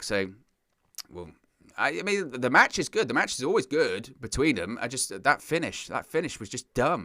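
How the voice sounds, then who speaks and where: A wrestling news show host delivers casual, opinionated commentary in a medium-pitched voice, recorded with clean studio sound and no echo. His tone is exasperated and animated, often tipping into a rant.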